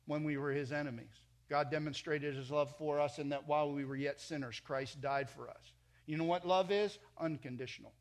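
A middle-aged man preaching a sermon in a church, emphatic, swinging between loud and soft. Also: a little high, steady tone, a little fast. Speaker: pastor.

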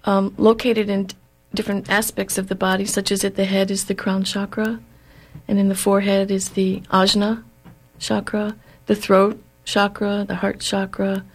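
Gravelly, flat-voiced woman explaining. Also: medium pitch. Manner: steady explaining, with pauses on "um". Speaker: guest healer. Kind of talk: explaining in a conversation.

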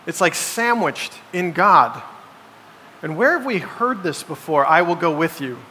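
A man's voice: a little high, expressive, measured pace, pushed and bright. A man preaching a sermon as pastor, emphatic and posing rhetorical questions to his congregation. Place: church sanctuary. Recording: long hall reverb, faint background noise.

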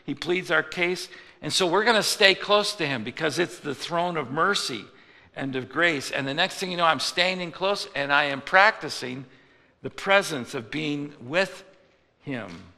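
Gravelly-voiced man preaching in a reverberant hall. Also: on the high side, a little slow, bright, forceful tone. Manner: conversational preaching, voicing quoted speakers. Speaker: pastor. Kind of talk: sermon.

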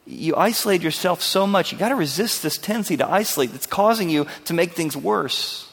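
A man's voice: sits high, lively intonation, brisk, vocal fry, fairly bright tone, slightly rough, big-room sound. A male pastor preaching a verse-by-verse sermon in an earnest, conversational way, asking his listeners questions.

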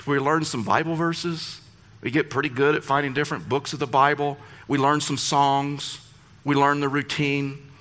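A middle-aged man preaches with a bright, ringing voice that sits a bit high for a man. He tells his story with animated energy and often climbs higher in pitch to act out the people in it. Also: normal speed. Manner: animated, rising to excited high-pitched quoting. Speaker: pastor. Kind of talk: sermon with storytelling.

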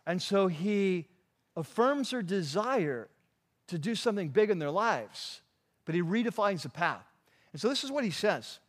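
A man's voice: high voice, sing-song, unhurried. A man preaching a sermon in a conversational way, with frequent restarts and asides to the congregation. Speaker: pastor.

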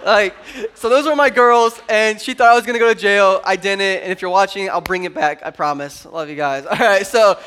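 Male pastor, 30s, lighter high register, lively anecdotal sermon style. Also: brisk, hardly any pauses, clear, resonant tone. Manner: animated storytelling, heavy on "like". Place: church service.

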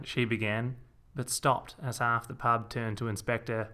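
A man narrating a comic story in a dry, deadpan way. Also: medium pitch, unhurried.

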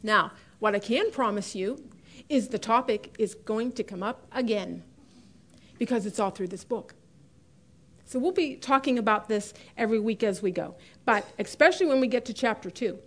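A woman's voice: a little high, moderate pace. A middle-aged woman teaching a women's Bible study class in a chatty way, often laughing and stressing key words.

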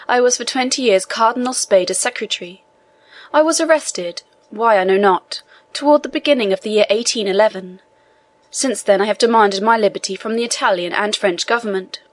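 A woman's voice: mid-range voice, brisk, no echo, natural voice. A woman reading the lines of an elderly male prisoner priest who talks in an earnest, pressing way. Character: elderly male imprisoned priest, eager scholar.

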